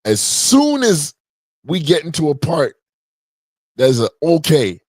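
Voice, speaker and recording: A man's voice: on the high side, wildly swooping pitch, takes it slowly, a little mellow, no echo. A man hosting a livestream podcast from a home podcast room, chatting loosely and jokingly with slang. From Canada. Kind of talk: casual livestream chat.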